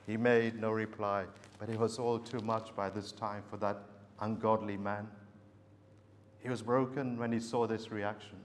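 A man preaching a sermon, slow and emphatic, repeating his key phrases. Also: lowish voice, flat delivery, a little hiss or hum. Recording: long hall reverb.

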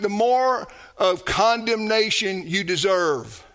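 A man preaching a sermon, moving from loud emphatic phrases to soft, low asides and calling out to the congregation for responses. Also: expressive, measured pace, few pauses.

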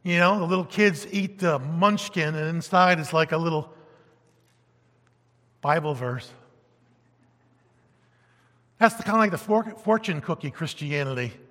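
A high, bright-voiced male pastor preaching with animated emphasis, swinging from loud to hushed. The sermon rings with the long reverb of a church hall. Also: measured pace, pauses often.

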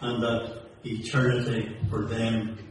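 Sing-song preacher in an echoey hall. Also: male voice, medium pitch, little pitch movement, slow pace. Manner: impassioned, rising and falling between loud and hushed. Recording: very echoey hall from far off with faint noise.

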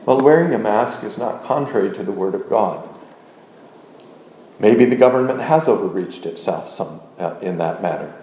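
A man's voice: fairly low pitch, expressive, a little hiss or hum. Man teaching doctrine in a roomy hall. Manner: measured, deliberate, with frequent uh fillers. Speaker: teacher of a confession. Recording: roomy, dull lo-fi recording.

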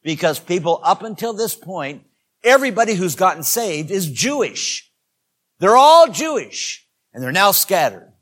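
Speaking at normal speed in a high-pitched, animated voice, a pastor delivers a sermon straight to his congregation. He moves from loud urging to softer side remarks and back.

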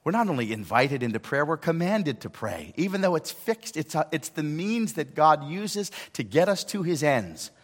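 A middle-aged pastor preaching a sermon, moving from hushed asides to shouted lines and acting out dialogue. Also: male voice, on the high side, big pitch swings, moderate pace, few pauses, big-room sound.

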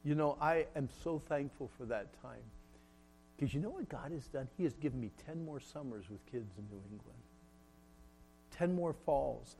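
A middle-aged man preaching a sermon, telling a personal story with shifts between loud, laughing moments and hushed, solemn ones. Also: mid-range voice, lively intonation, normal speed, vocal fry, a little hiss or hum.

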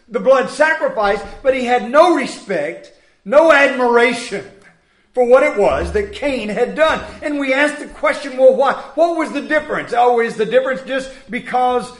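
A man preaching a sermon, acting out the voices of biblical figures and swinging from loud to hushed. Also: very high voice. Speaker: pastor. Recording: echoey room.

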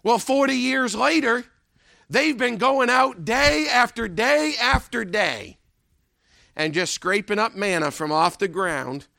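A man preaching with a high, gravelly voice that cuts bright and sharp, recorded close and dry. He drives his sermon with a repeated rhetorical question. He sinks his voice low and quiet on the lines that matter most. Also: no echo.

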